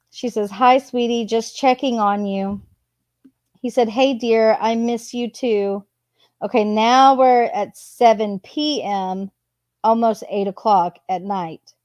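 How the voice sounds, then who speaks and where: A woman hosting her channel, reading text messages aloud in a plain, unhurried way and adding casual asides between them. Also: mid-range voice, darkish tone, no room sound. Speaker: channel host.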